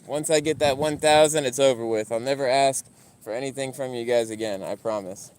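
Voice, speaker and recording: A young man chatting casually on a livestream outdoors while walking his dog, getting animated as he tells a story. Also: fairly quick, smooth. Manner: animated storyteller, voice climbing high when retelling arguments. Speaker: YouTuber streaming live to chat. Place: outdoors in a yard.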